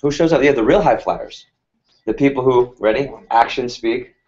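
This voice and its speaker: Through slightly muffled lo-fi sound, a man in his thirties with a mid-range, somewhat mellow voice speaks at a moderate pace to his sales team. The motivational workshop is casual and energetic, packed with rhetorical questions aimed at the room.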